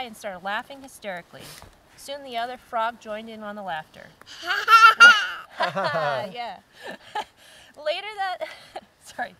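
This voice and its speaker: Bright-voiced woman host reading jokes. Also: a little high, a little hiss or hum. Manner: giggly, breaks into laughter while reading. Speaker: channel host. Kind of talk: casual reading of viewer jokes.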